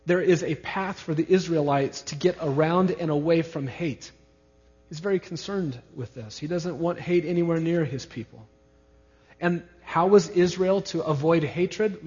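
A man's voice: fairly high pitch, darkish tone. A male preacher works through scripture in a slightly raised voice and drives his points home by repeating single words. His voice rings out with a long hall echo. The recording has a dull, lo-fi quality. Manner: emphatic, repeats key words. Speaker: pastor. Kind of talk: expository sermon. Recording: reverberant hall, dull lo-fi sound.

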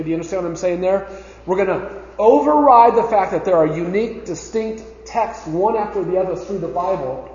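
A man's voice: high voice, a little mellow. Emphatic man teaching in an echoey hall. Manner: emphatic, conversational, repeats words while thinking. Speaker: Bible teacher. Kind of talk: classroom Bible teaching. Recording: echoey, dull room recording.

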